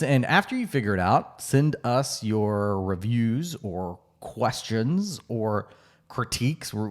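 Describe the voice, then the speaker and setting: A man co-hosting a podcast in a casual, conversational way, with fillers and restarts. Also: mid-range voice. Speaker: podcast co-host.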